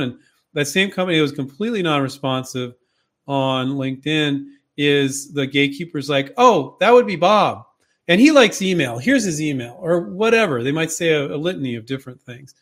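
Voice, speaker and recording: A man hosting a show, casually coaching inventors and acting out quoted dialogue. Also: fairly high pitch. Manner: animated, acts out quoted dialogue. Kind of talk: casual advice talk.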